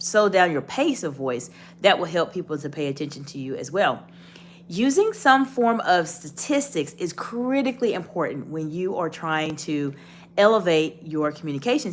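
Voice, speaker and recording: A woman's voice: fairly low pitch, expressive, moderate pace, a little hiss or hum. Encouraging woman coaching on leadership. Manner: encouraging, instructive, addresses viewer directly. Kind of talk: direct-to-camera coaching talk.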